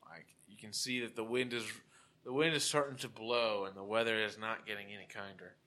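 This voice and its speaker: Bright-voiced laughing game master. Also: male voice, on the low side, fairly even intonation, brisk. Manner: casual, laughs often while describing scenes. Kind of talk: narrating a tabletop game.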